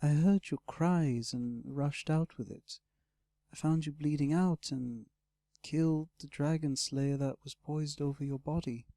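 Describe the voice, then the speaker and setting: A man voicing a caring young female blue dragon, speaking softly and gently in an audiobook. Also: fairly high pitch, a little slow, no room sound, clean studio sound. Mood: explaining. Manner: soft, gentle. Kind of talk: audiobook character voice.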